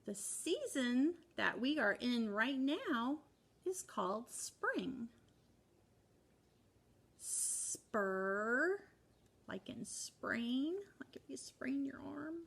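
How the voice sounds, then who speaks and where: Teacher, female, higher voice, slow and patient with little kids, sounds out each word. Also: very animated, gravelly, breathy edge. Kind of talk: remote spelling lesson for young children.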